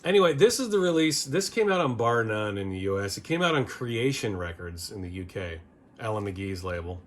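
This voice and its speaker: A man's voice: on the low side, very animated, fairly quick, slight background noise. A man hosting a casual record-review video, rambling and opinionated, often restarting his sentences. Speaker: music video host.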